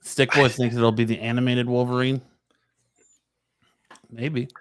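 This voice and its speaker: A man reads geek news items on a podcast and then riffs on them casually. His voice comes across smooth and resonant. The sound is dry and close, with no room around it. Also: medium pitch, little pitch movement, measured pace, no echo. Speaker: podcast co-host reading news.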